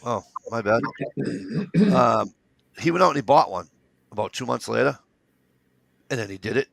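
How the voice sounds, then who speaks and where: A man's voice: medium pitch, lively intonation, normal speed, creaky, fairly bright tone, dry recording. A man in casual chat who tells rambling stories and swears freely.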